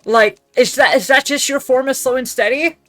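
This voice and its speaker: A young man from Texas, ranting loudly in a profane, rambling monologue full of restarts. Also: very high-pitched, normal speed. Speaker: vlogger.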